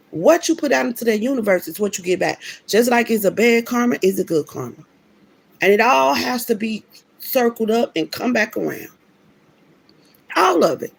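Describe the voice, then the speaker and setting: A woman's voice: a little high, animated, normal speed, vocal fry, slightly rough. A woman telling a personal story in a casual, preachy way, emphatic and slangy, often restarting her sentences. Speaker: vlogger.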